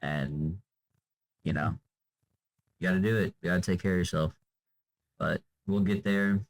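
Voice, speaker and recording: Tired young man rambling, low and flat. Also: unhurried, rough recording. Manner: loose, meandering, lots of fillers and trailing off. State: tired and drained. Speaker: vlogger. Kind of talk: unscripted rambling monologue.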